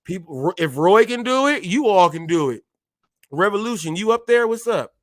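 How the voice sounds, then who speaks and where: A man's voice: sits high, animated, normal speed, a bit bright, dry recording. A man hosting a live talk show who keeps calling his viewers "people" and speaks with emphasis.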